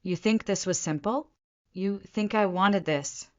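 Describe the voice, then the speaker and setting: A woman voicing a manipulative middle-aged man who talks in a soft, deliberate way. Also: mid-range voice, dull audio, lightly acted. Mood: urgent, deliberate.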